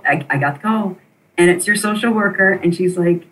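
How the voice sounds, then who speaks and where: A middle-aged woman, an interview guest, telling a personal story in an animated, emotional way and repeating phrases for emphasis. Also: mid-range voice, moderate pace, slight background noise. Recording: voice a bit distant from the mic.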